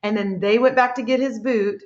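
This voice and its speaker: A woman teacher, her voice on the high side and a little mellow, speaks at a moderate pace with fairly even intonation. She leads young children in reading, offering encouragement and plenty of praise. The audio is dull and echoey.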